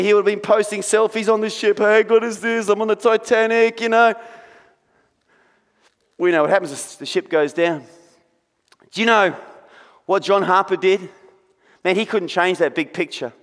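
A man preaching in a high, piercing voice that rings out across a church sanctuary. His sermon swells into shouted peaks and sinks back to hushed storytelling, with a long reverb trailing each phrase. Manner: preaching with rising intensity, sometimes shouting. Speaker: pastor.

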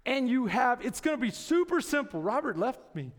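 A man's voice: very high voice, normal speed. A middle-aged man preaching a sermon as pastor, telling stories and calling out to his congregation. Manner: animated storytelling, calling out to the congregation. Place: church sanctuary with congregation. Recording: long reverb of a large hall.

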